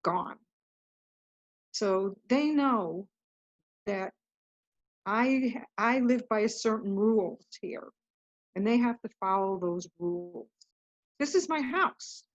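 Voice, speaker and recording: Speaking slowly and animatedly with long pauses, a woman with a mid-range voice appears as a guest author in a casual interview. She recounts her story earnestly but ramblingly, often stopping and restarting, on dull, muffled lo-fi audio with no echo.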